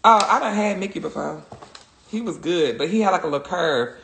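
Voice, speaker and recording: A woman's voice: fairly low pitch, animated, fairly quick, creaky, fairly bright tone, echoey room, slight background noise. A woman chatting crudely and laughing a lot on a phone livestream. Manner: crude, joking, laughs often. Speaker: social media personality. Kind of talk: casual livestream chat.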